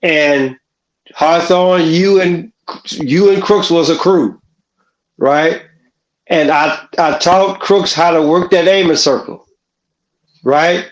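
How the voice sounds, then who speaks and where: Brief: man, former officer, very slow and deliberate, roomy echo. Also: fairly high pitch. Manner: slow, deliberate, addresses comrades by name. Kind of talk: casual reminiscing.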